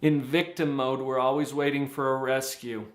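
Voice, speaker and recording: A man hosting a show, giving an animated motivational talk and acting out quoted voices. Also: mid-range voice, moderate pace. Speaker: show host. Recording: echoey room.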